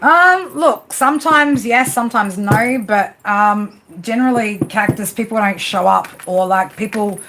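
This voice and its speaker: A woman's voice: mid-range voice, a little slow, few pauses, noisy background. A woman doing casual live-stream tarot readings, chatty and laughing, swearing freely as she talks to her viewers.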